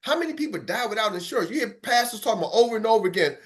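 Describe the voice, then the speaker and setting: A man's voice: high-pitched, animated, racing. A man coaching his sales team, emphatic and preachy, driving points home with repetition and calling on listeners by name. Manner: fired-up, emphatic, preachy, repeats for punch; talks straight to a live group, calls on listeners by name. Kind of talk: motivational team coaching talk. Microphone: online meeting.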